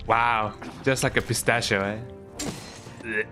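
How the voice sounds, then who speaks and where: A man's voice: medium pitch, fairly even intonation, slow. A man casually commenting on his game live, playful and ending lines with "eh?". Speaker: game streamer. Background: game music.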